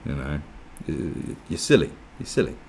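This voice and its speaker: Sweary sarcastic man, deep voice. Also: sing-song, a little fast, darkish tone, breathy edge. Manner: sweary, sarcastic, mocking asides with put-on voices. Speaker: political commentary vlogger. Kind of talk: casual ranting commentary, reading and reacting to an article.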